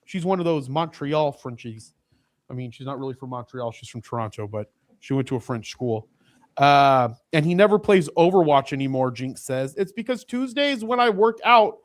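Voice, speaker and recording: A man with a fairly high voice hosts a casual livestreamed chat show. He rambles from point to point and restarts his sentences often. He keeps up an easygoing, off-the-cuff flow. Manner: rambling, many restarts and asides. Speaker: podcast co-host.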